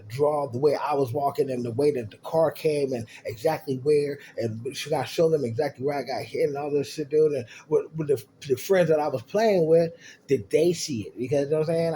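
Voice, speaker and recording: A man casually telling a profane, animated story from his childhood, acting out the voices of the people in it. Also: medium pitch, slight background noise.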